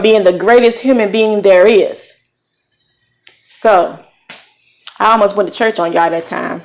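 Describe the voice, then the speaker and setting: A middle-aged Virginia woman with a light Southern accent gives warm, preachy parenting encouragement in a casual vlog, full of folksy phrasing. Her mid-range voice is steady and creaky, with a measured pace and long pauses.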